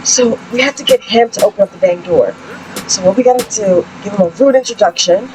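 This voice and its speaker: A young woman giving chatty, excitable let's-play commentary, exclaiming often as she narrates the story. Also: mid-range voice, brisk, noisy background. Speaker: gaming channel host. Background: game music.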